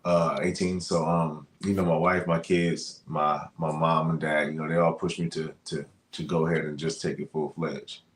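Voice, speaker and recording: A man from Louisiana, a guest boxer, chatting in an interview, talking fast with lots of fillers as he tells stories. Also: rumbling low, little pitch movement, a little hiss or hum. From Louisiana, USA. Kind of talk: casual interview chat. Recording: echoey room.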